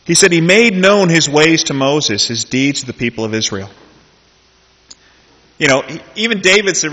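A man's voice: fairly high pitch, sharp tone, slightly rough. A male pastor preaching a sermon in a conversational way, with joking asides and repeated phrases. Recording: dull lo-fi sound in a reverberant hall.

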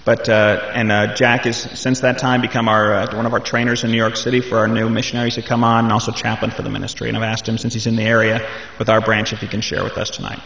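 A man's voice: on the low side, level tone, fast talker, creaky, fairly bright tone. A man hosting a ministry meeting, talking in a rambling, hesitant way and introducing the speaker. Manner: rambling, hesitant, full of fillers. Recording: echoey hall, dull lo-fi sound.

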